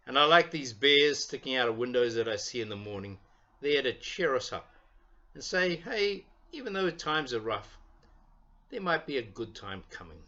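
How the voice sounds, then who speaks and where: An older man, a minister, giving a chatty children's talk from his home porch, pausing often with little fillers. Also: medium pitch, muffled recording. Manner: warm, chatty, halting with fillers. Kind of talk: children's talk with storybook reading.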